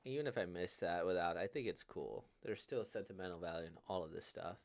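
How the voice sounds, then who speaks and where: A man's voice: sits low, brisk. A man hosting a casual manga reading reaction, hesitant and full of fillers, laughing often.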